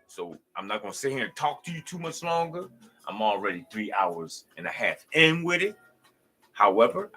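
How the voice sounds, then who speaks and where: A man's voice: mid-range voice, bright, forceful tone, breathy edge. A tired man hosting a late-night livestream, rambling loosely in slang and preaching about life. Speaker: livestream host.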